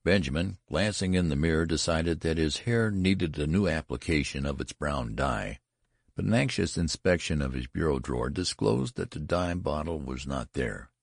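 A man reading a story aloud as a narrator, in a measured and even manner. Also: extremely low pitch, vocal fry, no echo, studio quality. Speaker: audiobook narrator. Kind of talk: scripted narration.

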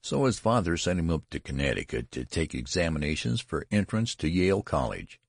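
A man reads a classic story aloud in a measured, steady narration. His voice is extremely deep, with a gravelly fry and a husky grain. The recording is close and completely dry. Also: dry recording.

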